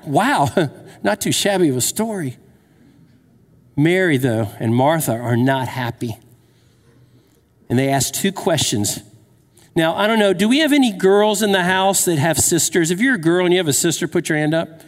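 A man's voice: a little high, animated, moderate pace, pauses often. A man in his fifties preaching a sermon, telling a personal story and asking the crowd questions, with jokes along the way. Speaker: pastor. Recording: long hall reverb.

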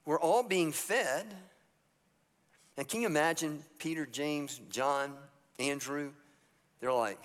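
A man with a slightly higher voice preaches a sermon, retelling Bible scenes with lively, casual storytelling. His voice rings out in a church hall with a long reverb tail. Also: takes it slowly, pauses often. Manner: storytelling, acts out biblical characters in a casual voice. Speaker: pastor. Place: church sanctuary.

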